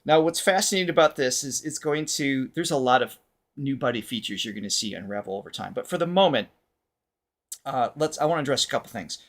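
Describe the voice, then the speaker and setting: A man hosting a reaction show as a vocal coach, explaining things in a casual, animated way and laughing often. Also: mid-range voice, quick pace.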